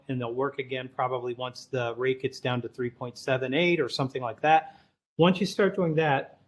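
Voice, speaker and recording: A man speaking as a podcast guest, talking through sales advice in a direct, opinionated, plain-spoken way. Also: mid-range voice. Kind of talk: casual podcast conversation.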